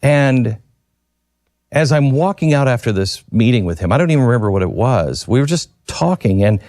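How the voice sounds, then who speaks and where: Earnest male radio host, lively pitch. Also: no room sound, studio quality. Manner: earnest, reflective, with halting restarts. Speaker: radio talk show host. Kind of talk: personal storytelling on air. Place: radio studio.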